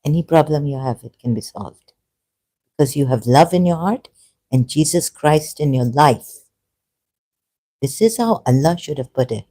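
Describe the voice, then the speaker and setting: A religious commentator in an unscripted personal monologue, talking in a meandering, halting way with many self-corrections, earnest and at times emphatic. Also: medium pitch, lively intonation, mellow. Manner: earnest, grows emotional and emphatic.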